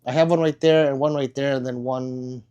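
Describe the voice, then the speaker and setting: A man hosting a casual livestream and answering viewer comments in a blunt, profane and excitable way, with sudden loud outbursts. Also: medium pitch, moderate pace, clear, resonant tone, dull audio. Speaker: livestream host.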